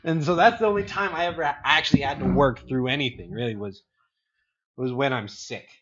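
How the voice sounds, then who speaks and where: A young man in casual chat, spinning long rambling stories with easy swearing and frequent laughter. His pitch sits mid-range for a man. The recording sounds slightly muffled, like a home podcast. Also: brisk, fairly bright tone. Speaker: podcast co-host.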